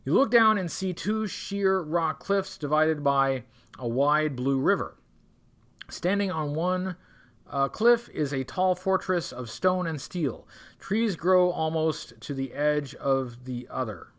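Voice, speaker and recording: A man hosting a long livestream, reading an adventure gamebook aloud. He drifts off into wry, rambling asides and catches himself mid-sentence, in a slightly high voice. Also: slow pace, a bit bright. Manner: wry, rambling, self-interrupting. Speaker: livestream host.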